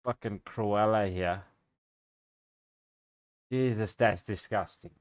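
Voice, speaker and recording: A man commenting on a played interview, blunt and sarcastic and quick to swear. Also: on the low side. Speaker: reaction commentator. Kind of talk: reaction commentary.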